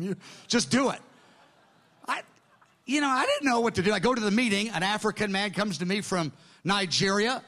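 A middle-aged man, a pastor, telling stories in a sermon and acting out conversations with others. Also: sits high. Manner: animated anecdotes, quoting others in dialogue. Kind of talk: sermon storytelling.

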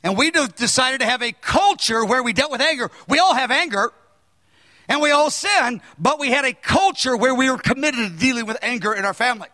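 A man in his sixties preaching a sermon, earnest and emphatic, now and then raising his voice to a shout. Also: extremely high pitch, in a large hall.

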